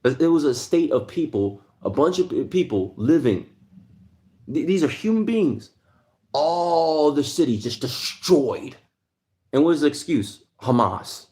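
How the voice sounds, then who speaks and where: A man's voice: a little high, animated, unhurried, a little mellow. A man hosting a livestream, ranting heatedly in a casual monologue and answering chat. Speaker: livestream host.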